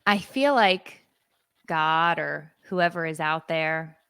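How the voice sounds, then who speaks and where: A woman's voice: sits low, slow, gravelly, fairly bright tone, smooth, no room sound. A woman in her forties, co-hosting a podcast and telling a rambling, confessional story full of fillers. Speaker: podcast co-host. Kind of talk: casual confessional chat.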